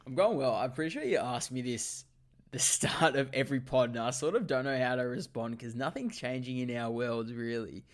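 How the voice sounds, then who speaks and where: A man co-hosting a podcast, a little hoarse from a sore throat, telling stories with lots of laughs. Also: mid-range voice, moderate pace. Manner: laughing, loose storyteller. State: slightly lost voice, sore throat. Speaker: podcast co-host. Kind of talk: casual chat.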